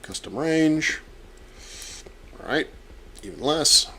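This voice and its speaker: Man, professor live-streaming, slow and halting, muttering to himself, muffled by a pen in his mouth, faint hiss behind. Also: a little high, expressive, sharp tone. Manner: muttering, halting, thinking aloud with many fillers. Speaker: astronomy professor streaming data analysis. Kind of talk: casual live-stream narration while working.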